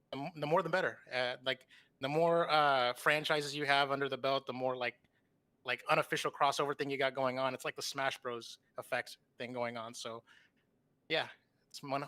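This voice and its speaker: A male guest on a gaming podcast speaks over an online call. He rambles with enthusiasm and swears casually as he goes. His voice is bright and forward at a middling pitch. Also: steady tone, moderate pace, smooth. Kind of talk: casual chat.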